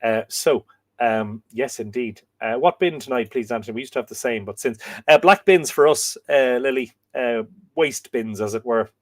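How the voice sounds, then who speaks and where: A middle-aged Irish man hosting a live stream, reading out viewer comments in a hesitant, thinking-aloud way with many pauses and fillers. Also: medium pitch. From Ireland. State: dry throat, coughing. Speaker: host of a live myth reading show.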